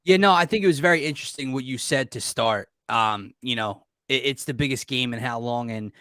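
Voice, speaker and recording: A man co-hosting a live sports talk show, upbeat, hyping the big game with drawn-out emphasis. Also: mid-range voice, fairly bright tone, dry recording, clean studio sound. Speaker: co-host of a sports podcast.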